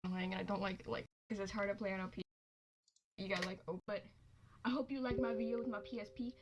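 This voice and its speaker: A woman's voice: mid-range voice, steady tone, a little fast, dull audio, noisy background. A young woman talking to her viewers in a vlog, upbeat and offhand with loose fillers. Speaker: YouTuber.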